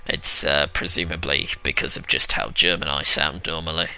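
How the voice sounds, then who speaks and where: A young man provides casual commentary on a video game he's playing, sarcastic and swearing, humming tunes along the way. As a let's play commentator, he has a very deep, smooth, bright and forceful voice with fairly even intonation at a moderate pace.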